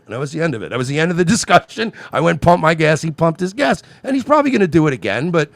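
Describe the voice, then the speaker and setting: A man's voice: fairly high pitch, big pitch swings, rapid-fire, creaky, few pauses, dry recording. A man telling stories on a podcast, acting out quotes in exaggerated voices. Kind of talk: casual podcast storytelling.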